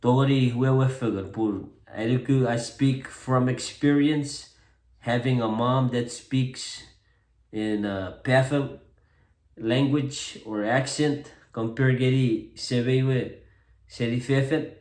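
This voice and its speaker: A man with a Chuukese accent talking casually to camera, relaxed and self-deprecating, often pausing on fillers as he switches between English and Chuukese. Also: medium pitch, reverberant. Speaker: vlogger introducing himself as a translator.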